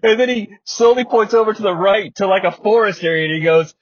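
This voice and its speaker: Husky high-voiced man, wry, keeps laughing. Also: a little fast, few pauses, no room sound. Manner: laughs often, wry, rambling asides. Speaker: podcast host. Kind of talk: comedic wrestling recap. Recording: dry, slightly muffled podcast mic.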